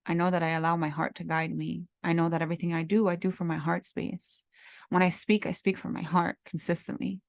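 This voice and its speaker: A woman's voice: fairly low pitch, little pitch movement, a little fast, vocal fry, no echo, studio quality. A woman in her thirties hosting a podcast, talking in an earnest, heartfelt, rambling way and repeating herself as she reflects. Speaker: podcast host. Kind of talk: reflective personal talk.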